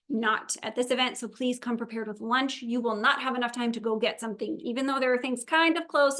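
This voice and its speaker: An event organizer runs a virtual meeting for volunteers and drivers, upbeat, chatty and practical. Her voice is on the high side, bright and forceful.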